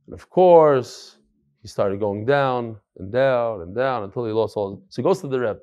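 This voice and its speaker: A man teaching a Talmud class, telling stories in a lively way and repeating phrases for emphasis. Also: medium pitch, moderate pace. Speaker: Torah teacher.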